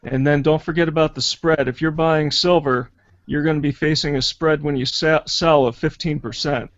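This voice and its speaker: A man speaks as a panelist in a casual online hangout, walking through costs in a steady, practical manner. His voice comes over a dry, dull call line. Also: on the high side, moderate pace, no echo. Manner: practical, advising, steady explaining. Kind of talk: casual live hangout chat. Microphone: video call.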